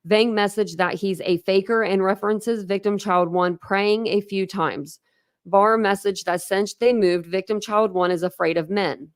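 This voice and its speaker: Speaking a little slowly with fairly even intonation and a mid-range voice, this true crime host reads court papers aloud on a live stream. She's an adult with a young son, and her reactions are conversational, rambling, and openly upset, laced with "like" and restarts. The studio sound is clean and echo-free.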